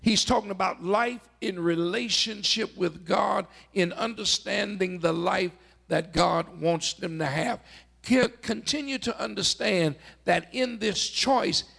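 Gravelly high-voiced preacher guy, slow deliberate sermon, shouts some words and whispers others. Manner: emphatic, rising to shouts on key words; slows for emphasis, drops to near-whispers. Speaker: pastor.

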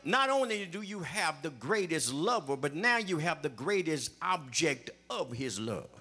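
A man preaching with a high, bright voice that swoops up and down. He takes his time, building repeated refrains into shouts as he calls out to the congregation. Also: sing-song, a little slow. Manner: addresses the congregation directly, calling for testimony. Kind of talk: sermon.

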